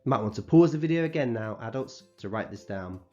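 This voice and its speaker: A man teaching a recorded phonics lesson to young children, sounding out letters slowly and clearly and praising them as they go. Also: mid-range voice, animated, darkish tone, dull audio, faint music behind. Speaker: primary school teacher.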